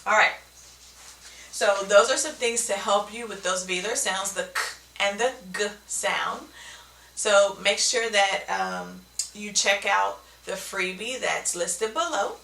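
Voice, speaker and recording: A woman explains speech therapy techniques in an instructional video. Her voice is bright and forceful with a gravelly edge, and she keeps checking in with "okay?". She sounds a little far from the mic in a roomy, echoing space. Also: medium pitch, slow pace.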